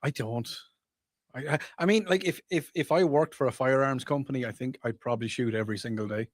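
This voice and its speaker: A man's voice: medium pitch, fairly quick, no echo. A man in his twenties, a guest in a radio studio, stammering a little and laughing easily. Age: 20s. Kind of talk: casual radio banter.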